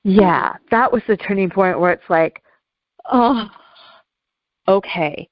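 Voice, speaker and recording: A middle-aged woman tells a painful story from her own life, earnest and heartfelt, often close to tears. Her voice sits at an everyday pitch. The sound is dry and a little dull, like a remote interview call. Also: slow pace, no echo. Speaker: guest. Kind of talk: emotional personal storytelling.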